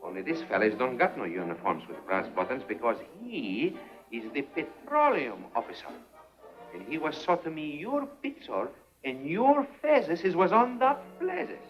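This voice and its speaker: Jumpy cafe boss, broken english, high voice swinging all over, dull old film sound. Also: male voice, wildly swooping pitch, normal speed, faint music behind. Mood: flustered. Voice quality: fractured comic English, flustered. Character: excitable male cafe owner with broken English. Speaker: cafe owner.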